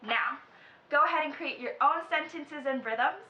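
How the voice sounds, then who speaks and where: A woman leads a children's music lesson in a bright, forceful voice. She counts each group in and chants the rhythm words on the beat. Her voice rings a little in a roomy space, and the recording sounds slightly dull. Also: high-pitched, normal speed. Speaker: music teacher.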